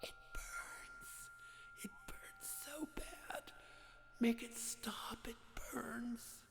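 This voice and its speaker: A man's voice: very high voice, very slow, vocal fry, heavy reverb, long reverb tail, very noisy, pitched above the performer's own voice, heavily acted. A man voicing the ghost of a very young child who is burning and begs for help. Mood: whispering. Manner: pleading, screaming, then faint whispers.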